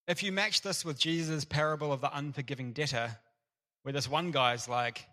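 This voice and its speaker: A man preaching an earnest, animated sermon in a church. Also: on the high side, moderate pace. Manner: earnest, animated, acts out parable voices.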